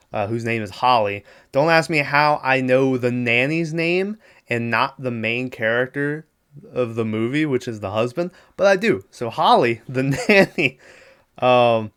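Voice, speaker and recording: A man's voice: medium pitch, fairly bright tone, clean tone. A man hosting a podcast, casually recapping a movie on his own, swearing freely and laughing often. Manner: loose, profane, laughs often, lots of fillers. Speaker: podcast host.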